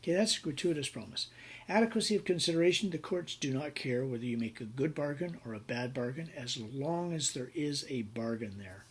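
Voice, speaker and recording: Husky guy lecturing on business law, chatty, lots of ums, acts out little scenes. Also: medium pitch, fairly quick. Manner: conversational with frequent fillers and role-played examples. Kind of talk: university lecture.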